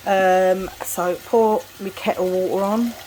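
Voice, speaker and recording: This woman's voice sits at medium pitch with a dark tone, and she speaks slowly with fairly even intonation. As a vlogger cooking at home, she chats casually through each step and laughs at herself, with the clatter of dishes and cutlery filling the kitchen background.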